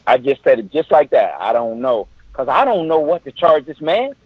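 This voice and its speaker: A man's voice: on the high side, big pitch swings, a little fast, breathy edge, no echo, highs cut off. A middle-aged man, a comedian guest on a podcast, telling a story with energy and acting out other people's voices.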